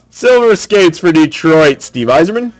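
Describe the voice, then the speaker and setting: Man calling out hockey card pulls. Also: mid-range voice. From Canada. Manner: brisk, matter-of-fact announcing. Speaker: card break host.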